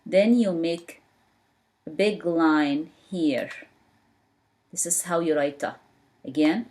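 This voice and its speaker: Woman teacher, patient lesson, says each sound over and over, slightly low voice. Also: darkish tone. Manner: repeats sounds slowly and patiently, non-native English grammar. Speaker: Arabic teacher. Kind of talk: slow spoken language lesson.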